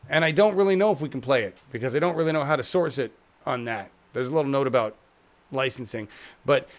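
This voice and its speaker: A man's voice: medium pitch, fast. A man hosting a casual livestream chat show, talking in a rambling, chuckling, self-deprecating way. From United States. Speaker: host.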